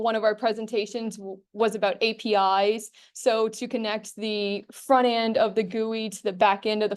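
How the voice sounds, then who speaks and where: A young woman with a somewhat high voice leads a student workshop in front of a class. She talks in a casual, chatty way and leans on fillers as she explains. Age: young adult. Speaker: student presenter.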